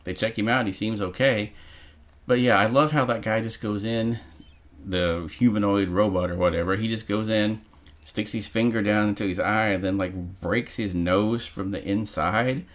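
Discussing a movie, this podcast co-host keeps things casual, sarcastic, and profane. His lowish, fairly bright voice holds a steady tone at a moderate pace.

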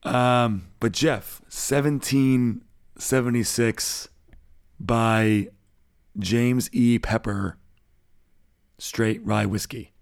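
A man co-hosting a podcast in a relaxed, chatty way, with a slightly mumbly voice. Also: mid-range voice, extremely slow, long pauses, no echo, clean studio sound. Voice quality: gravelly, a bit mumbly. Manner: relaxed, chatty, laughs easily. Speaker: podcast co-host. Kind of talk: casual chat.

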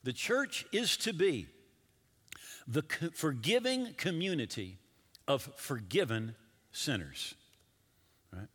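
A male pastor preaching a sermon in an animated way, asking his listeners questions directly. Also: a little high, takes it slowly, long pauses, husky. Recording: long hall reverb.

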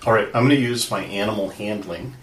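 Low-voiced man at a game table. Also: fast talker, slight background noise. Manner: casual, explains plans. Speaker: player. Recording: echoey room, away from the mic.

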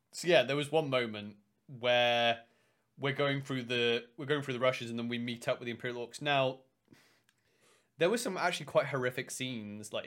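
Animated young man telling stories. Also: mid-range voice. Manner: animated storyteller, acts out quoted lines. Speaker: podcast co-host. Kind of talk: casual podcast chat.

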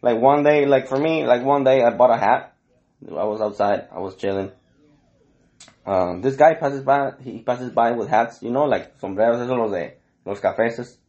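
A man's voice: mid-range voice, normal speed, a little mellow. A man in casual chat who tells stories animatedly, acting out the dialogue, swearing freely and slipping into Spanish phrases. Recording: dull lo-fi audio.

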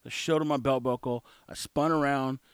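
A man's voice: mid-range voice, fairly even intonation, normal speed, clear, resonant tone, dry recording. A man in his forties telling a story in a casual monologue, blunt and opinionated, rambling with restarts. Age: 40s.

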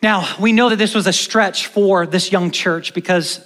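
A man preaching a sermon as pastor, animated, moving between loud stresses and hushed emphatic lines, in a church hall. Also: high voice, normal speed. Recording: long church-hall reverb.

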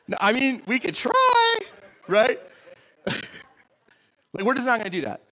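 A man, a pastor, preaching a sermon in an animated, joking way and often asking the audience questions. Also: sits high, unhurried, low-quality recording.

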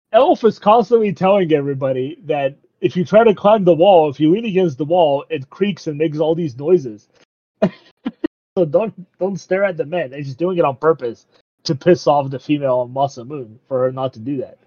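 A man casually recapping a show, laughing often and acting out the characters' lines in quick asides. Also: on the high side, a little mellow, no echo. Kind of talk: casual chat recapping an anime. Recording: dull lo-fi dry recording.

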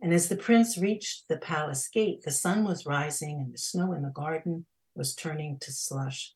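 A woman with a deep, slightly rough voice reads a fairy tale for a radio storytelling hour. She goes slowly and expressively, letting dramatic pauses hang.

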